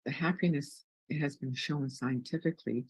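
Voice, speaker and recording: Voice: medium pitch, fairly even intonation, normal speed, slightly rough, no echo, low-quality recording. A wellness guest in an interview, upbeat and jokey, often restarting words.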